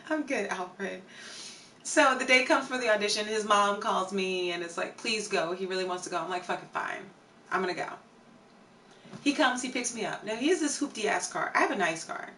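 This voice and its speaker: Brief: woman live streamer, storytelling, lively and blunt, mic set back in a roomy space with faint noise. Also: mid-range voice. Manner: animated, swears casually, talks back to chat. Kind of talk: casual storytelling, reading chat. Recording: roomy sound from a distance, faint background noise.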